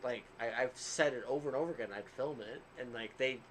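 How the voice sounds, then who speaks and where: A man's voice: mid-range voice, quick pace, a little hiss or hum. A man co-hosting a casual podcast, telling a long rambling story with frequent laughs and asides. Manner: self-described quieter one. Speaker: podcast co-host.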